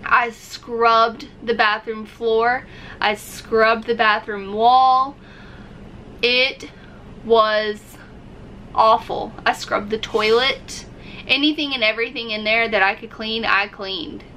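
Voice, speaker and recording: Bright-voiced woman telling a story slowly. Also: a little high, a little hiss or hum, low-quality recording. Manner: animated retelling, acting out her own reactions. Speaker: RV-living vlogger. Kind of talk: casual storytelling to camera.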